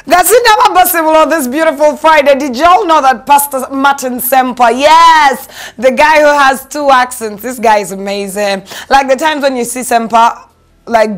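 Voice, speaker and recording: Young woman, Ugandan accent, gossip show host, sassy and animated, fairly high voice. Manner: sassy, animated, mixes in Luganda phrases. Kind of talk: casual gossip commentary.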